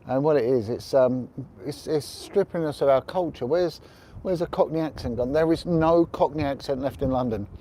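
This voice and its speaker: A man's voice: a little high, moderate pace, dark tone, slight background noise. Rambling, blunt man on an outdoor livestream. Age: middle-aged. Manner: chatty, rambling, blunt opinions. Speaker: livestream host. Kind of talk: casual livestream monologue. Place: outdoors on a windy rooftop.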